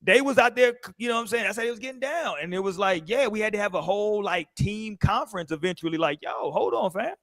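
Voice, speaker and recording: A man's voice: high-pitched, fast talker, hardly any pauses, a bit bright, dry recording. A young man on a casual podcast panel, telling a story with lots of acted-out quotes and profanity. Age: young adult.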